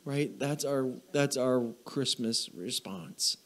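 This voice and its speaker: A man preaching a church sermon as pastor, who repeats short phrases in a steady cadence, asks the congregation for an "amen", and gets emotional while reading. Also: on the high side, measured pace. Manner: repetitive preaching cadence, call and response. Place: church sanctuary.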